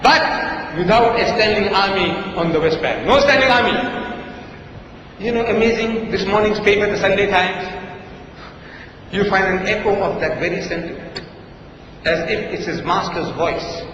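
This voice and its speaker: A man with a high voice gives a sarcastic, emphatic debate speech full of rhetorical questions. He is recorded from a distance in a large, echoing hall with a long reverb. The sound is dull and lo-fi. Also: moderate pace, pauses often, a bit bright, slight background noise.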